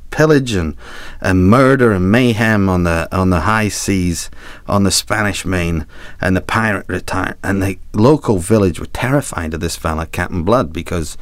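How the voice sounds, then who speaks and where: A man, a ship captain, telling a comic story to an audience in a lively way with hesitant restarts. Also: low voice, no room sound.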